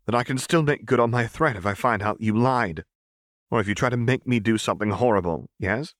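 A man's voice: low voice, normal speed, no echo, clean studio sound, natural voice. A man voicing a defiant young woman. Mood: tense. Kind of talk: audiobook character voice.

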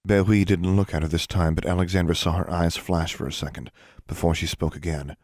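Deep-voiced male audiobook narrator. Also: level tone, brisk, darkish tone, no room sound, clean studio sound. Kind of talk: scripted narration.

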